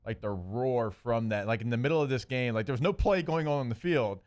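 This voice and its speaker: A man co-hosting a sports radio show, telling animated stories about past games with lots of "like". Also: medium pitch, fairly quick. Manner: animated storytelling, fillers like "like". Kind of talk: casual sports radio chat.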